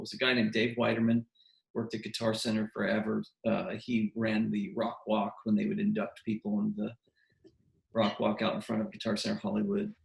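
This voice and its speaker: A man's voice: lowish voice, level tone, brisk, creaky. A man, a musician and interview guest, tells stories animatedly, acts out quotes and often restarts his sentences. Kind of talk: casual interview storytelling. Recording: echoey room.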